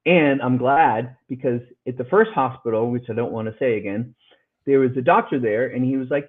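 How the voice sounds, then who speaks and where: At a moderate pace and mid-range pitch, a middle-aged man tells a podcast a hard story in earnest. When he quotes people, he raises his voice to act them out. The sound comes across a phone-like line.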